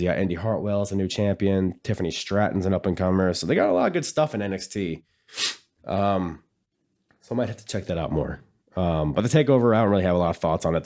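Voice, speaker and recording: A man with a slightly low, nasal and raspy voice talks through a solo podcast episode. He rambles in an easygoing way, full of ums and uhs, and sounds a bit congested. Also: darkish tone. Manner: rambling, easygoing, lots of fillers. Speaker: podcast host. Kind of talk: casual solo podcast chat.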